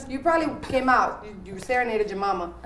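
A woman hosts a casual interview with a lively, playful energy and frequent laughs. Her voice sits a bit high. The room around her is noticeably echoey. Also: brisk, a little hiss or hum. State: married. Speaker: host.

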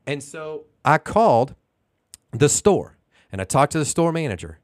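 Animated man telling an indignant story. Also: fairly high pitch, unhurried, no echo, clean studio sound. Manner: animated, indignant storyteller, asks rhetorical questions. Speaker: podcast co-host. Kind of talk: casual chat, storytelling.

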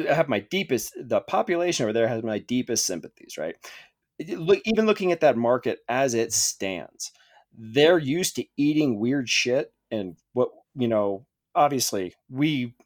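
A man co-hosting a podcast in casual chat, joking and profane with rambling asides. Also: mid-range voice. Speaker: podcast co-host.

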